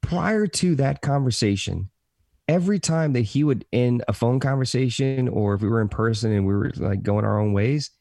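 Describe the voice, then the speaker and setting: Man, gravelly voice, dry close sound, earnest podcast storytelling, emphatic repetition. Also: medium pitch, moderate pace, a little mellow, no room sound. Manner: earnest, emphatic, repeats key phrases; self-described positive motivational talker. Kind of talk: personal storytelling in a podcast conversation.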